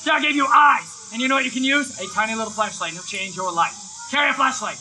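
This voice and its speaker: High bright shouting male preacher. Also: brisk, soft background music, rough recording. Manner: excitable, shouting storyteller. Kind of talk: energetic live sermon with storytelling. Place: live event, outdoors or hall.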